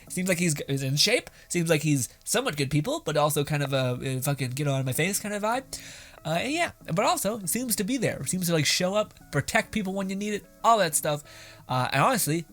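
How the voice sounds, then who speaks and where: A young man hosting a casual reaction show, rambling and laughing, crude and animated. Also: fairly high pitch.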